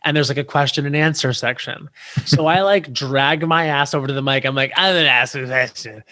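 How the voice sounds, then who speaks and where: A man in his thirties telling a story as a podcast guest, animated, jumping up high in pitch whenever he quotes someone. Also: fairly quick. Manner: animated, swoops high when quoting people.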